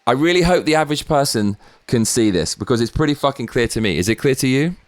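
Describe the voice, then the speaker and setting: A man's voice: medium pitch, expressive, fast, no echo. A British man hosting his own show, giving blunt, sweary political commentary with rambling asides. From Britain. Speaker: show host.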